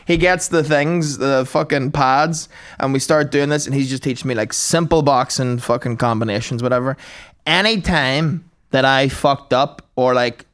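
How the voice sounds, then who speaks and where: A man's voice: medium pitch, normal speed, a bit bright. A man, hosting a podcast and telling crude, self-mocking comic stories. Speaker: podcast host. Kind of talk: comic storytelling.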